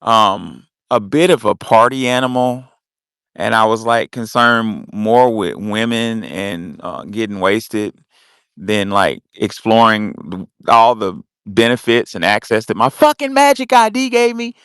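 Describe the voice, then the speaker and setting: A man's voice: on the low side, expressive, unhurried, a bit bright, clean tone, no room sound, studio quality. A young man hosting a loose, casual audio chat, swearing freely and cutting in on others. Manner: loose and profane, cuts in often. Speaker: host.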